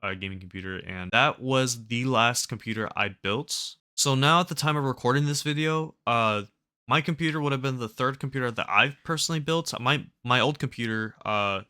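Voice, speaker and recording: A man's voice: mid-range voice, moderate pace, sharp tone, clear, resonant tone. A young man from California telling a rambling casual vlog story, full of "like" fillers and restarts. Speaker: gaming streamer.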